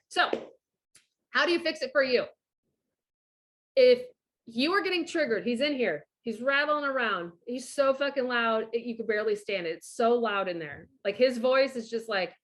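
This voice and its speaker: A high, bright woman's voice talking fast and blunt, full of profanity. She gives casual divorce advice like a straight-talking coach. She acts out the people she quotes.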